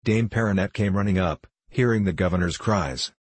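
In this audiobook reading, a young prisoner's account of his childhood is voiced by a man with a deep, husky tone and a steady, unhurried delivery. The mood is grave, and the close, dry recording carries no room sound at all.

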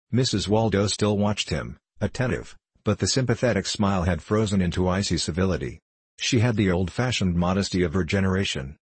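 A man reading a novel aloud as audiobook narration, in an even, unhurried storytelling manner. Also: low voice, breathy edge, dry recording. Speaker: audiobook reader. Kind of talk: scripted narration.

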